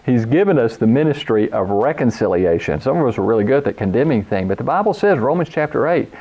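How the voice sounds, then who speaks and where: A pastor with a mid-range, mellow voice preaches a sermon, talking very fast and with great animation. He is earnest, quotes scripture, and hammers his points home through emphatic repetition. The audio has a lo-fi quality.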